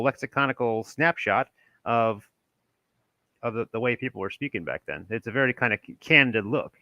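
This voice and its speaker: Young Maryland man, casual rambling host, bright low-ish voice, dry close recording. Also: no room sound, highs cut off. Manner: rambling, many restarts and chuckles. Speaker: channel host. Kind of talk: casual commentary reading from an old text.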